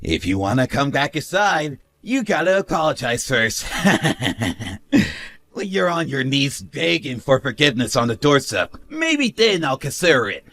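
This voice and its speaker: A man's voice: mid-range voice, big pitch swings, normal speed, hardly any pauses, dry recording. A man playing a sneering bully husband. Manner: sneering, mocking laughs, shouts. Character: smug cruel young husband, mocking and bossy. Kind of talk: animated story narration.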